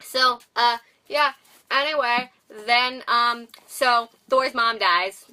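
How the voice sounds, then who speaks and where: A woman's voice: on the high side, slow pace, bright, forceful tone. A young woman co-hosting a podcast, rambling and giggly as she recaps a film and acts out its characters' lines. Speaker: podcast co-host. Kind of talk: casual movie recap chat. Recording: voice from far off the mic.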